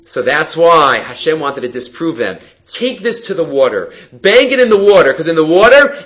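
Guy teaching a talmud class, kinda higher voice, lively, keeps asking questions and restarting. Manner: animated, explains with rhetorical questions, often restarts. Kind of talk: daily Talmud lesson, reading and explaining.

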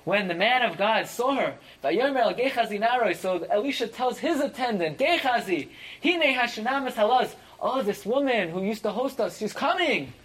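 Brief: teacher leading a text class; animated, translates then exclaims; middle pitch. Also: moderate pace, few pauses, breathy edge, rough recording. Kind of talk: verse-by-verse text study class.

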